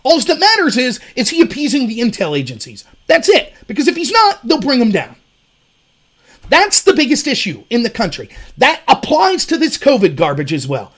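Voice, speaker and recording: A man hosting a political commentary show, talking in an animated and sarcastic way. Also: very high-pitched, normal speed. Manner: animated, sarcastic, mimics opponents mockingly. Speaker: host.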